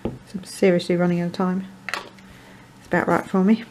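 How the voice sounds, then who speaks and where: A woman's voice: lowish voice, little pitch movement, fairly quick, noisy background. A woman chatting her way through a card-making tutorial, rambling with self-deprecating asides and muttering to herself. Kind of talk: crafting tutorial chat.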